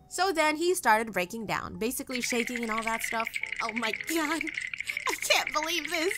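A woman's voice: fairly high pitch, expressive, moderate pace, pushed and bright, slight background noise. A woman YouTuber telling a comedic storytime in a dramatic, self-mocking way.

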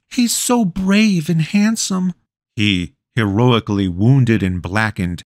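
A man's voice: on the low side, a little mellow, no echo. A man narrating an audiobook in a wry storytelling manner on a close studio mic. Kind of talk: scripted narration.

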